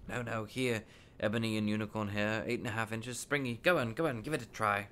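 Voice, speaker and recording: A man reading aloud, voicing an eerie, precise old male wandmaker with measured, drawn-out phrasing. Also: lowish voice, fairly even intonation, fairly bright tone, a little hiss or hum, lightly acted. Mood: coaxing.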